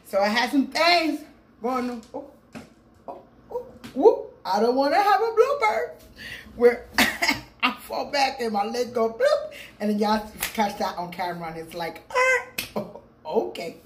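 A woman's voice: on the high side, sing-song, unhurried. A middle-aged woman rambling casually to her viewers in a mukbang vlog, calling them "people", recorded on a phone with a small mic at home. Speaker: vlogger. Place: room at home. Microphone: phone with small clip-on mic. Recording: echoey room, faint background hum.

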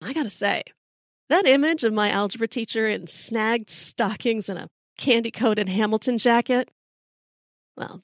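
A woman's voice: medium pitch, no echo, clean studio sound. A middle-aged woman, hosting a podcast and telling a comic story with wry timing. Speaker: podcast host.

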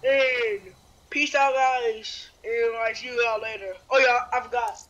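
Man, very high voice, slow drawn-out delivery, excitable gameplay commentary, game music behind. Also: muffled recording. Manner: excitable, rambling, yelps and shouts at the game. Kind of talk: casual let's-play commentary.

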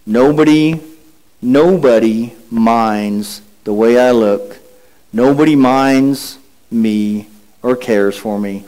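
A man voicing a gloomy, self-pitying old male donkey in a slow, droning way. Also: mid-range voice, warm tone, voice pushed down, close to an everyday voice, rough recording. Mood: mopey.

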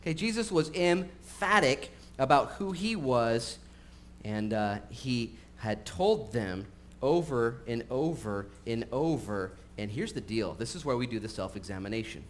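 A man's voice: medium pitch, animated, unhurried. Man preaching conversationally. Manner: conversational and humorous, shifting into earnest emphasis. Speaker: pastor. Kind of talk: sermon. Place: church service, recorded live. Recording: faint background noise from a live stream.

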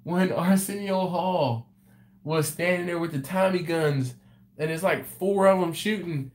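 A man's voice: high-pitched, unhurried. A man hosting a livestream, chatting casually with viewers and telling movie stories. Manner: laughing, animated storytelling. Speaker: BBQ channel host on a livestream. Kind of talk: casual chat reading viewer comments.

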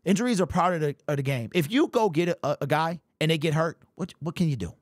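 A man's voice: on the high side, fast talker, no echo, studio quality. Amped man hosting a sports fan channel. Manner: amped, emphatic, repeats points. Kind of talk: fan commentary vlog.

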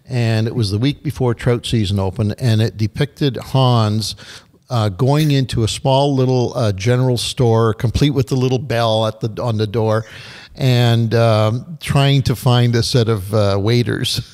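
A man's voice: mid-range voice, steady tone, a little slow, a little mellow. A man from Canada co-hosting an outdoors radio show, chatting casually with enthusiastic, laughing interjections. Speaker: podcast co-host. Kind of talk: casual chat.

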